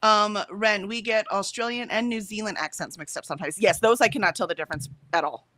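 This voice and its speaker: A woman's voice: medium pitch, fairly quick, bright, forceful tone, no echo. An American woman co-hosting a livestream in casual chat, reading out viewer comments and laughing often. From United States. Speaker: livestream co-host.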